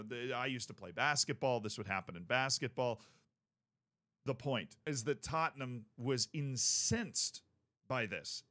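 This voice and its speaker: A man with a mid-range voice gives casual, rambling sports commentary. He tells it like a story, cracks jokes along the way and gets more and more worked up and animated. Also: medium pitch. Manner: animated, joking storyteller who works himself up.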